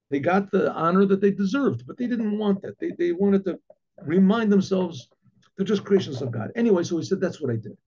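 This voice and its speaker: High-voiced man telling a story. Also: normal speed, gravelly, slight background noise. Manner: animated, acts out the dialogue with many restarts and asides. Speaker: rabbi and storyteller. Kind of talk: storytelling talk. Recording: dull lo-fi recording.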